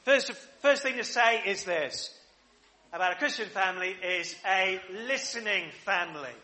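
Guy preaching in church, high bright voice, asks the crowd to answer back. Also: normal speed. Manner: leads congregation in prayer and call-and-response. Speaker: pastor. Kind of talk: sermon. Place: church service.

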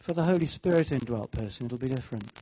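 Man, preacher, sermon, swings between fervent and hushed, faint hiss behind. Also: medium pitch, lively intonation, quick pace, highs cut off. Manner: impassioned, rises to fervent pleas then drops to hushed tones.

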